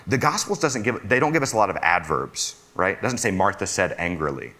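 A man gives a conversational sermon in a lowish voice with a bright, forceful edge. He often turns to his listeners with questions and talks as one of them. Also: animated, moderate pace, few pauses. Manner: asks listeners questions, speaks as a fellow "fixer". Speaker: preacher.

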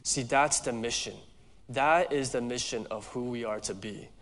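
A man's voice: medium pitch, normal speed, a bit bright. Conversational man preaching in a reverberant hall. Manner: conversational preaching with personal stories. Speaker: pastor. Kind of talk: sermon.

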